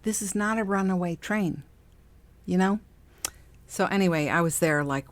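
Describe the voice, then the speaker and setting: A middle-aged woman hosts a podcast on spiritual self-help, talking casually in a lowish voice with a steady tone, at normal speed with frequent pauses. She's chatty, laughs often, and acts out the voices of people she quotes.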